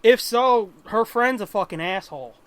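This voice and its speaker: A man's voice: high voice, lively intonation, moderate pace, noisy background. A man co-hosting a podcast in casual chat, ranting profanely and animatedly. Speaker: podcast co-host.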